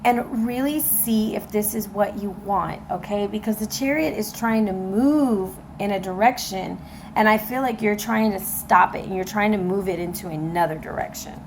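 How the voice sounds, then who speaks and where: A chatty woman reads tarot cards for her viewers in a loose, conversational way. Her voice has a gravelly, creaky edge at a middling pitch. A faint hiss of background noise sits under the recording. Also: moderate pace. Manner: chatty, addresses viewers directly, frequent fillers and laughs. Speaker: tarot reader. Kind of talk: casual tarot reading to viewers.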